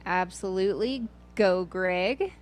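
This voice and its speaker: A woman's voice: mid-range voice, takes it slowly, a little hiss or hum. A woman commentating live on a mountain ultramarathon livestream, chatty and playful, sometimes correcting herself.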